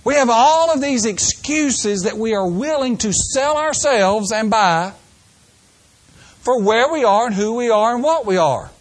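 An older man with a high-pitched voice delivers a folksy sermon. He slips into mock voices to act out people's excuses, then drops back into plain, earnest preaching. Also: lively intonation, unhurried.

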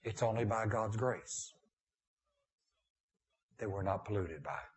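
A man preaching a sermon as pastor, moving between emphatic and hushed tones. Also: on the low side, expressive, measured pace. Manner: preaching with rising and falling intensity, dropping to a hushed prayer.

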